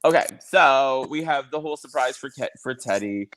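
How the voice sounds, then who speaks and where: A man's voice: medium pitch, a bit bright. A man hosting a podcast, chatting casually and cracking jokes about reality TV. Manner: chatty, jokey, quick asides. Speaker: podcast host. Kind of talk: casual chat.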